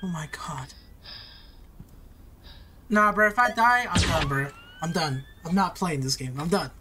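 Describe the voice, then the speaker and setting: A woman's voice: fairly low pitch, animated, normal speed, music in the background. A woman narrating her own horror game play, nervous and pleading, talking in slang. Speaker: gamer. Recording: noisy recording.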